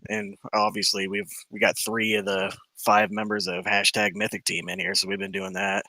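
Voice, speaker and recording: A man with a low pitch and a very bright, forward tone, chatting as a guest on a gaming podcast. He talks quickly and playfully over a dry, close microphone. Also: little pitch movement, dry recording, poor audio. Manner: quick, playful, laughs while talking. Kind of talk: casual gaming podcast chat.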